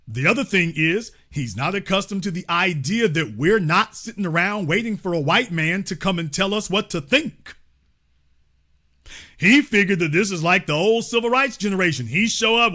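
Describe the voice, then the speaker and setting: A man's voice: high voice, expressive, moderate pace, pushed and bright. A man hosting a call-in show, taunting a caller with sarcasm and repeating phrases for emphasis. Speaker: host. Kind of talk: live call-in commentary.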